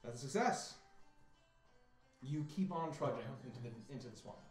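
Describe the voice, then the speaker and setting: A man's voice: mid-range voice, expressive, normal speed, faint music behind. A man running a tabletop game as game master, narrating loosely with fillers and restarts. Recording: echoey room.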